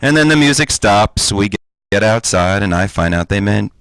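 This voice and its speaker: A man's voice: lowish voice, expressive, moderate pace, noisy background. A comedian in his forties from New Jersey doing a campy, self-deprecating stand-up set as a talk show guest. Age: 40s.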